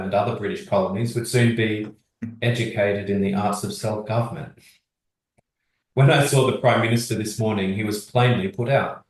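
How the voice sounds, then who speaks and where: A man teaching history revision, reading exam sources aloud at a steady pace and discussing them. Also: on the low side, recorded from a distance. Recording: very echoey, from across the room.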